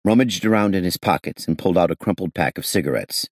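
A man reading a detective novel aloud as an audiobook narrator, shifting his pitch to voice the characters. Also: lively intonation, a little fast, few pauses, dry recording, studio quality.

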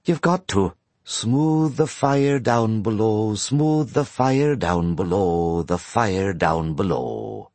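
A jovial, boisterous Irishman cracking jokes and singing out toasts in a strong Irish accent, as a storyteller puts him on. The voice is husky and lifts high above the reader's low tone, with a lively, bouncing delivery. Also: moderate pace, no room sound. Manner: jovial, sing-song toasting. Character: boisterous joking Irish man at a bar.

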